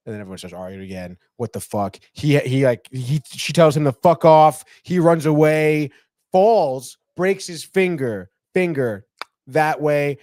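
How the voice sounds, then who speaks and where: A man's voice: fairly high pitch, unhurried, a little mellow, dry recording, clean studio sound. Rambling, profane guy recapping a show. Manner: profane, rambling, says "dude" and "whatever" a lot. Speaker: podcast co-host. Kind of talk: casual chat, retelling a TV episode.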